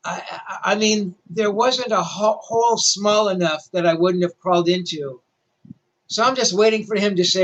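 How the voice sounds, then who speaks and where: Older guy spinning a story, high voice, dull muffled sound, pokes fun at himself. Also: moderate pace. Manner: animated anecdotal storyteller, self-deprecating. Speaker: rock journalist. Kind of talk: storytelling interview.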